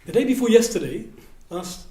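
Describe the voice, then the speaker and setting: A man with a fairly high voice leads a seminar, telling stories from his own life. He acts out the dialogue, dropping low and then rising loud. The recording carries a roomy echo. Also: normal speed. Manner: animated, acts out dialogue with big swings in loudness. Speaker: workshop leader. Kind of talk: storytelling seminar talk. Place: seminar room at a retreat house.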